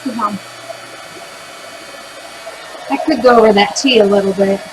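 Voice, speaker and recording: In a noisy home recording with a loud furnace humming, a middle-aged woman chats casually while demonstrating a craft project. She talks fast in a mid-range voice, working with her hands and tossing in self-deprecating asides.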